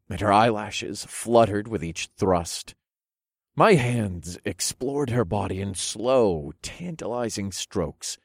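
A man narrating a first-person story for an audiobook, expressive, moving between low murmurs and loud bursts. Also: no echo, clean studio sound.

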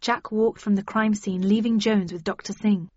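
A woman narrating an audiobook in a steady, wry storytelling manner. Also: medium pitch, normal speed, no room sound, highs cut off.

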